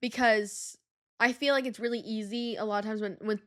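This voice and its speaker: A young woman hosting a podcast, telling a story in an animated, slangy way with lots of fillers. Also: on the high side, fairly quick. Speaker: podcast host. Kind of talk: casual storytelling monologue.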